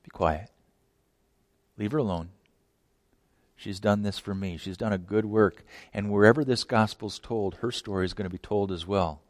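A calm male teacher, acted out by a preacher, rebukes in a hushed, gentle voice. He stays steady and firm, with a dry, close sound. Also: fairly low pitch, moderate pace, pauses often, no echo, close to an everyday voice. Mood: quiet rebuke.

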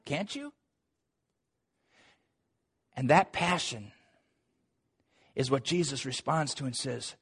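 A middle-aged man preaching a sermon, lively and dramatic, acting out quoted lines with big rises and falls in his voice. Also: normal speed, pauses often, husky. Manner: animated, acts out quoted voices with big pitch swings.

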